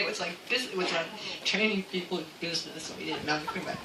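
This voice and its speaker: A woman speaking at a memorial, warm and halting, laughing often between her words. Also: on the low side, a crowd in the background. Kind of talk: informal tribute speech. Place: memorial gathering room. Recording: echoey room, distant mic, background noise.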